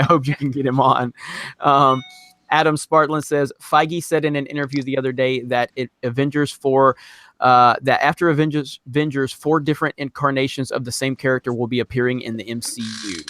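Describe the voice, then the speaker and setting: A man's voice: medium pitch, fairly bright tone, no echo. A man hosting a live podcast, reading viewer comments aloud in an easygoing way with chuckles. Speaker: podcast host reading chat. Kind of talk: casual live-stream chat.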